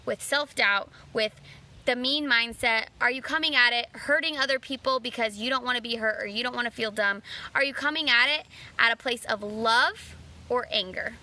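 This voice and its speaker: A woman's voice: fairly high pitch, bright, forceful tone. A woman in her thirties, a mom, giving an earnest motivational talk and challenging listeners with direct questions. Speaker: mom vlogger.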